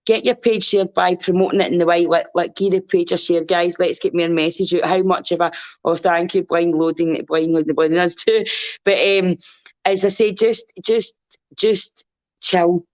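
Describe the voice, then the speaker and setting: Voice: medium pitch, steady tone, normal speed, lo-fi sound. A podcast guest with a Scottish accent, chatting casually in a rambling, earnest way and swearing freely. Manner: rambling, earnest, swears freely, repeats "you know what I mean". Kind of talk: casual chat.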